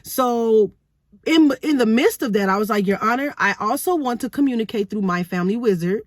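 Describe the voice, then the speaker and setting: A woman's voice: fairly high pitch, lively intonation, brisk, no room sound, studio quality. A woman in her thirties telling a personal parenting story to camera, earnest and full of rhetorical questions. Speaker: vlogger sharing parenting experience.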